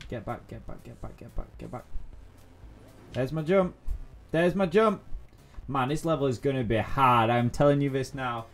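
A young man talks through a platform game in a loose let's-play style, reacting out loud and repeating short phrases under pressure. His voice sits at a plain middle pitch. Faint game music plays underneath. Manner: excitable, thinks aloud, repeats himself. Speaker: gaming YouTuber.

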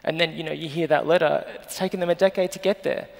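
A man's voice: on the high side, steady tone, fast, gravelly. A man with an Australian accent in his thirties, speaking earnestly and emotionally as a guest on stage. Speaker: journalist guest. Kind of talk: live stage interview. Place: festival stage. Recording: long hall reverb.

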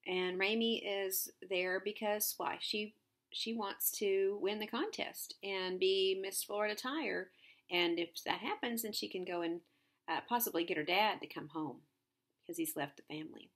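A woman's voice: medium pitch, a little slow, fairly bright tone. A woman reading a novel aloud, adding conversational asides with hesitant fillers. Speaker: reader.

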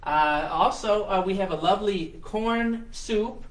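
A man's voice: sits high, a little slow, echoey room, recorded from a distance. A man voicing a chatty small-town diner waitress who calls customers hon and shug.

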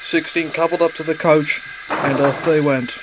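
A man's voice: fairly high pitch, steady tone, moderate pace, background noise. A man narrating a crude, improvised comedy story in a rambling, offhand way.

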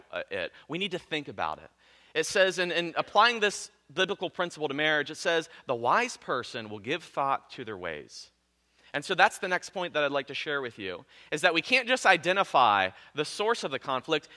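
A male pastor delivering a sermon in a high, bright voice. His pitch swings widely as he preaches, and he slips into the thoughts of husbands and wives to make his point. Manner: animated preaching, acts out spouses' inner voices.

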